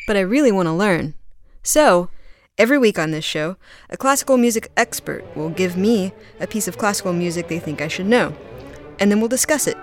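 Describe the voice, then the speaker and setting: A woman's voice: mid-range voice, animated, fairly quick, loud music behind the voice. A woman hosting a radio interview, friendly and curious, with an easy laugh. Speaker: host.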